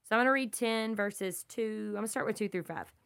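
A woman's voice: medium pitch, brisk, vocal fry, fairly bright tone, smooth. A woman who is a mother and podcast host, teaching scripture in an earnest, emphatic, storytelling way that stays conversational. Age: young adult to middle-aged, mother of kids.

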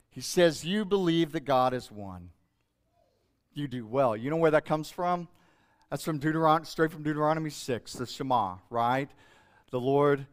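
A middle-aged male pastor preaching a sermon in an emotional, emphatic way that keeps rising and falling. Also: medium pitch.

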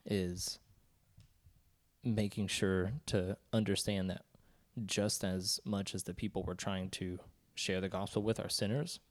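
A man co-hosting a podcast, talking casually about faith and often pausing to search for words. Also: sits low, flat delivery. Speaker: podcast co-host.

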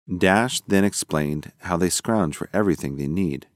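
A man reading a children's story aloud as narrator, in an expressive storytelling manner. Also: low voice, normal speed, few pauses, no room sound, studio quality.

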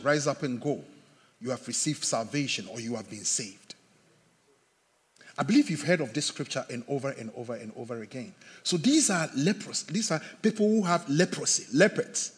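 A male pastor preaching a sermon, swelling loud and then dropping soft. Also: medium pitch, lively intonation, moderate pace, slightly rough. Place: church sanctuary. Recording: reverberant hall.

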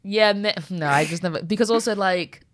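Blunt woman with a smooth voice. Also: medium pitch, fairly quick, no room sound. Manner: blunt, swears freely, trails off with fillers. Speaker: podcast co-host. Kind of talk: casual chat.

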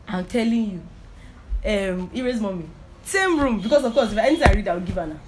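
A woman's voice: on the high side, sing-song, a little fast, slight background noise. A woman giving an informal sermon with personal testimony. She repeats herself for emphasis and keeps checking that listeners understand. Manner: repetitive, emphatic, often asks if listeners understand. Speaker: preacher.

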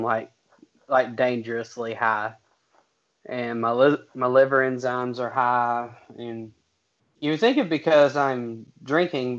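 A man's voice: mid-range voice, fairly bright tone, highs cut off. A man co-hosting a podcast, talking in an easygoing, chuckling way. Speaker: podcast co-host. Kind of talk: casual chat.

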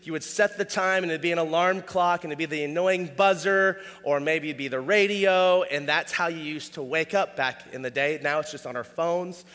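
Casual preacher with hall reverb. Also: male voice, a little high, moderate pace, hardly any pauses, fairly bright tone. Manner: casual, conversational, checks in with "all right?". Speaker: pastor. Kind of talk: sermon.

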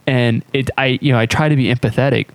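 A man's voice: mid-range voice, fairly even intonation, fast, no room sound. An American man hosts a podcast in an earnest, reflective way. His voice sits in the middle range and sounds close and dry, and he leans on lots of fillers. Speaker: podcast host. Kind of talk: casual podcast chat.

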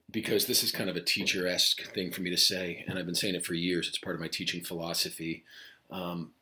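A middle-aged man with a fairly low voice talks casually to his students on a home podcast. He rambles and reflects, full of fillers and self-corrections. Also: pushed and bright. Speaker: high school Spanish teacher. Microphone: home podcast mic.

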